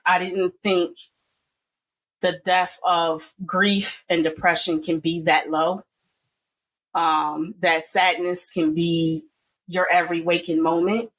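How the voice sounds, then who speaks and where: Earnest woman, lowish voice, fillers. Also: fairly bright tone, low-quality recording. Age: middle-aged. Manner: emotional, earnest, with pauses and fillers. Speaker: podcast guest. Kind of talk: personal testimony in an interview.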